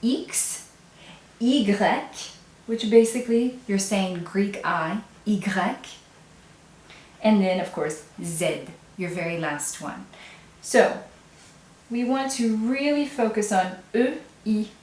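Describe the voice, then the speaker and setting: A woman's voice: mid-range voice, slow, a little mellow, roomy sound. A woman teaching a language lesson patiently, step by step, often checking in with the learner. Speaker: French teacher.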